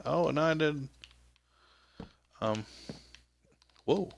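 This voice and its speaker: A man's voice: lowish voice, lively intonation, measured pace, pushed and bright, a little hiss or hum. A man giving casual gameplay commentary, rambling and exclaiming as he talks to himself. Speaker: show host.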